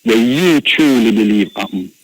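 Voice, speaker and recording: A man with a Jamaican accent arguing in a radio discussion, rambling and halting, often repeating words. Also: medium pitch, animated, no echo, poor audio. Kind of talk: heated radio debate.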